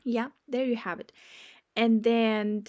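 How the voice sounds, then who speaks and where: A woman's voice: on the high side, level tone, dark tone. A woman teaching a beginner language lesson, spelling out words and checking in with "yeah?" after each point. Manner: spells out and repeats words slowly.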